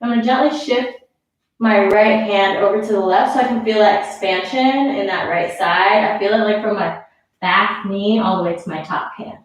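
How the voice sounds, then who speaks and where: A yoga instructor with a mid-range voice leads a class at a moderate pace, out of breath as she gives casual, encouraging cues and counts down breaths. The mic is far away in a very echoey room.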